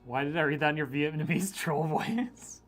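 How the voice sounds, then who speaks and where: A man's voice: fairly high pitch, moderate pace, fairly bright tone, faint music behind. Joking man on a livestream. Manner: joking, teasing, laughs often. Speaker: streamer building PCs. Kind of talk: casual livestream chat reading viewer comments.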